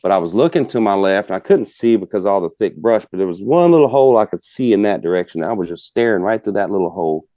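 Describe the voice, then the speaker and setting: A man's voice: on the low side, lively intonation, fast, few pauses, dark tone, dry recording. A man telling a rambling, folksy hunting story as a podcast guest. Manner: folksy, rambling, many fillers. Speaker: guest hunter. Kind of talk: casual storytelling.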